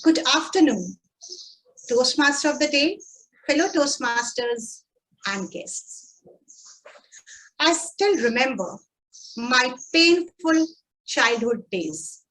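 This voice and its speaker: A woman with a high voice gives a prepared speech to a speaking club. She speaks slowly and deliberately and pauses for effect. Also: animated, a bit bright, low-quality recording. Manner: slow, deliberate, with dramatic pauses.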